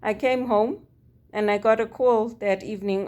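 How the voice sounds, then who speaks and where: A woman's voice: mid-range voice, fairly even intonation, normal speed, darkish tone. A woman from Zimbabwe, speaking in a personal monologue, earnest and weary as she recounts her experiences and quotes others. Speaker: vlogger.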